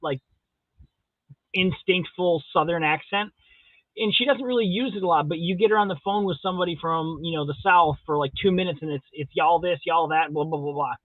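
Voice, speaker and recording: High-voiced man joking on a live stream. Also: a little fast, no echo. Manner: jokey, playful, answers viewer comments. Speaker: host of a live drawing stream. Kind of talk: casual live-stream chat. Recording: dull, dry lo-fi stream audio.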